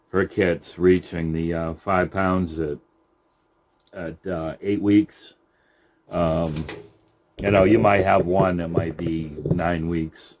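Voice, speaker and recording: Man, middle-aged, rabbit breeder, very deep voice, slow halting delivery, casual update. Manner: unhurried and halting, with many fillers and restarts, cooing softly to the rabbits.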